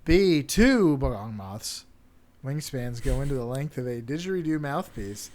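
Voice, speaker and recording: A man co-hosting a casual comedic podcast chat, jokey and laughing often as he reads out facts haltingly. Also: medium pitch, expressive, a little mellow. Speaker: podcast co-host.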